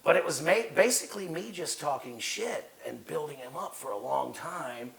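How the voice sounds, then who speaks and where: A man's voice: on the high side, lively intonation, normal speed, creaky, a bit bright, slight background noise, low-quality recording. A middle-aged man, a guest on an interview show, telling rambling, profane stories in a casual way. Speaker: guest, wrestling manager.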